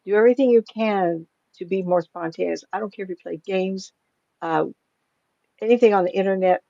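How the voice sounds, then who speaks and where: Older woman, interview guest, gravelly, rambling anecdotes, laughs often, dry sound. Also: medium pitch, fairly quick, warm tone, no echo, highs cut off. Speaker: psychic medium, guest. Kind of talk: casual interview talk.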